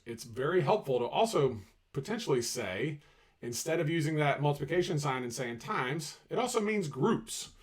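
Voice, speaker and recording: Lively, joking man teaching math. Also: on the high side, distant mic. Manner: energetic, jokey, talks to viewers directly. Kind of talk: upbeat video math lesson.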